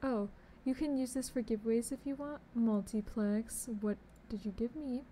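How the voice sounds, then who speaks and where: A woman's voice: on the high side, normal speed, warm tone. A young woman chatting casually on a game live stream, bubbly and chatty, greeting viewers with pet names. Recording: faint background noise.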